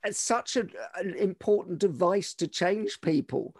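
A man's voice: high-pitched, lively intonation, unhurried, slightly rough. A man hosting a podcast interview, reacting briefly and moving on to set questions. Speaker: podcast host. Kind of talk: interview chat.

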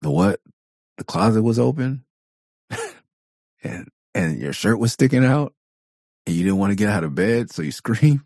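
Deep raspy guy from socal ranting on his podcast, swears a lot, laughs, real dry sound. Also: big pitch swings, unhurried, pauses often, a little mellow, dry recording. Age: adult parent of four. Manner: blunt, profane, candid, laughs often. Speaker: podcast host. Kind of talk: casual podcast monologue.

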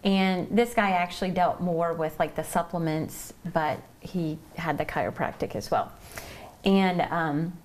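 A woman's voice: fairly low pitch, a little slow, slight background noise. A woman from Ohio co-hosting a faith podcast, explaining earnestly in casual chat and backing her co-host with frequent "mm-hmm"s. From Ohio, United States.

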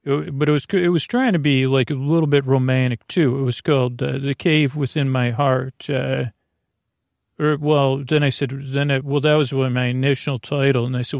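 A man hosting a bedtime podcast with a creaky voice, talking in a meandering, self-interrupting way and drawing out his words. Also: mid-range voice, steady tone, normal speed, dry recording, clean studio sound. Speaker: host. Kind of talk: rambling bedtime podcast monologue.

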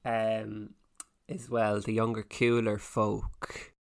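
A man's voice: lowish voice, little pitch movement, creaky, no room sound. A man co-hosting a podcast, joking casually and teasing his co-host. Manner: playful, jokey, reads aloud haltingly. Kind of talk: casual chat.

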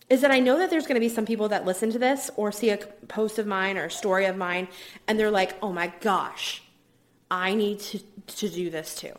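A woman hosting her own podcast, talking casually and upbeat, with lots of "like" fillers and the odd drop into a whisper. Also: medium pitch. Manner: chatty, upbeat, many "like" fillers, drops into whispers at times. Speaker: podcast host. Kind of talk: casual solo podcast talk.

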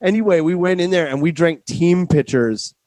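Young comic, slightly high voice, dry close sound, rambling and animated. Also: male voice, no room sound, low-quality recording. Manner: rambling, animated, swearing, quick self-interruptions. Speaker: comedian guest. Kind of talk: casual comedic storytelling.

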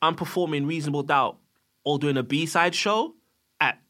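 A man's voice: on the high side, normal speed, bright, forceful tone. A man co-hosting a casual podcast, laid-back and jokey, stretching words for emphasis. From Black British with Jamaican family. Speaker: podcast co-host.

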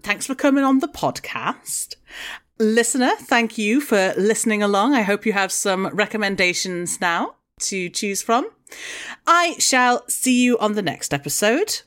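A woman's voice: medium pitch, expressive, a little slow, fairly bright tone. A woman hosting a podcast, thanking her guests cheerfully and signing off the episode. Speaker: podcast host. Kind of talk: casual chat.

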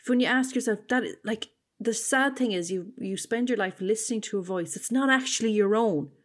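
A woman's voice: a little high, a little fast. A woman co-hosting a candid chat, frank and sweary, giving reassuring advice. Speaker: podcast co-host.

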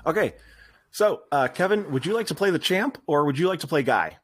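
A man co-hosting a podcast, chatting casually about a movie, relaxed and rambling with laughs. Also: on the high side, brisk, over music. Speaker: podcast co-host.

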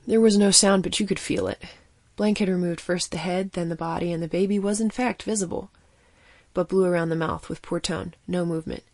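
A woman giving steady, vivid scripted narration of a fiction story. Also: on the low side, a little fast, dry recording.

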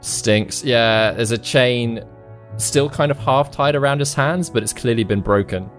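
Relaxed man running a tabletop game. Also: medium pitch, faint music behind. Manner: relaxed, halting narration with fillers. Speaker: game master.

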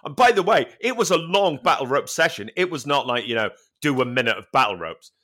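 Brisk and mid-range, a man co-hosting a podcast spins a story in relaxed conversation. His telling is lively and full of profanity, broken up by frequent laughter.

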